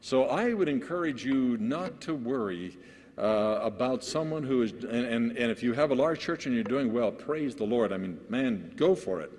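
Animated preacher man in a reverberant hall. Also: medium pitch, moderate pace. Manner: lively, storytelling preacher with restarts. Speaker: pastor. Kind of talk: sermon to pastors.

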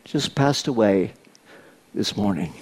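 A man's voice: fairly low pitch, expressive, a little mellow, breathy edge. An older man preaching a sermon, telling stories with dry humor. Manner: unhurried storytelling with dry humor.

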